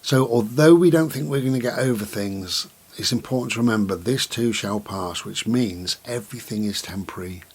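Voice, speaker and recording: Middle-aged guy, low husky voice, slow gentle vlog talk w lots of ums. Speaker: vlogger. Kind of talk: reflective vlog talk to camera.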